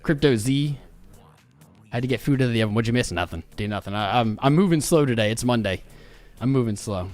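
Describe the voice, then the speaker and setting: A male livestream host in casual chat, bantering and greeting viewers one by one by name. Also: mid-range voice. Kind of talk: casual live-stream chat.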